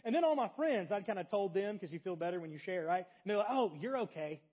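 A young adult man preaching a sermon, telling a story with big swings between loud animated moments and quiet intimate ones. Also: sits high, fast, dull audio. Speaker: pastor.

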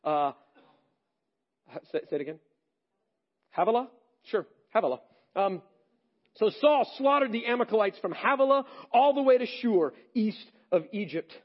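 A male pastor preaching a sermon, animated and swinging between loud and hushed delivery. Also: sits high, normal speed, long pauses, dull audio.

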